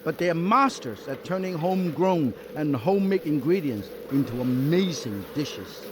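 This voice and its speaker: A man's voice: fairly high pitch, expressive, normal speed, noisy background. A man giving scripted voice-over narration for a food and travel show. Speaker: host narrating.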